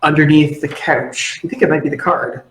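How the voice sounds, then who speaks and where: A man runs a tabletop game, narrating scenes with animated energy. His voice sits a little higher than most men's. The room around him rings with noticeable echo. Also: normal speed. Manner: animated, acting out side characters. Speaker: game master.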